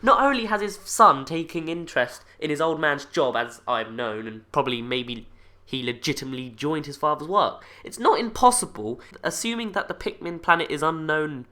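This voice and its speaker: A man hosts a casual commentary video, running through fan theories in an animated way. His voice is bright and sharp, and his pitch jumps around a lot. He keeps dropping into mumbled, jokey asides. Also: moderate pace. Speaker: video host.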